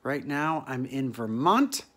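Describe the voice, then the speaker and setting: Middle-aged guy actor rambling in a solo monologue, earnest and kinda pleading, normal pitch. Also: big pitch swings, slow, fairly bright tone.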